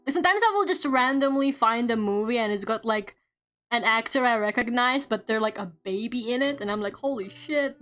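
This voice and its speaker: High-voiced woman streamer, laughing and rambling. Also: a bit bright. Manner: rambling, swears often, laughs a lot. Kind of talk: casual chat while drawing on stream.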